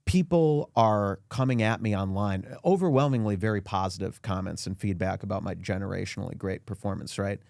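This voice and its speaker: A man as a podcast guest in a comedic rant, indignant and self-pitying, his voice climbing high as he complains. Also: fairly quick, creaky, hardly any pauses, darkish tone, no room sound, studio quality. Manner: indignant, whiny self-pity, voice climbs high when ranting. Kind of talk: comedic mock interview rant.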